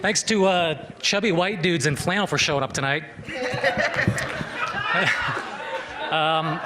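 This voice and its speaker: A man doing a stand-up set at a comedy club, with a dry, halting delivery. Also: on the high side, animated, heavy background noise. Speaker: stand-up comic.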